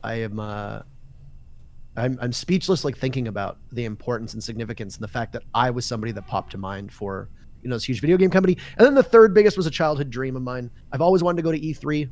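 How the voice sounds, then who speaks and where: A Canadian man who works as an esports caster talks fast at medium pitch. In casual podcast chat he's a lively storyteller, acting out the quoted dialogue in his stories.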